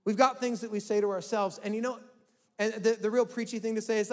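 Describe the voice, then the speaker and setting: Quick-paced and slightly mellow, a male pastor with a high voice and fairly even intonation delivers a conversational sermon in a church hall. He voices imagined inner thoughts and frequently repeats words, while long reverb and faint music fill the space.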